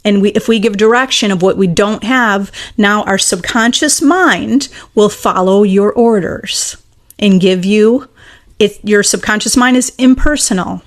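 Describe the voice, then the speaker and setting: A woman's voice: mid-range voice, measured pace. A woman teaching as a manifestation coach in a casual monologue, earnest and emphatic, repeating her key points and answering viewer questions.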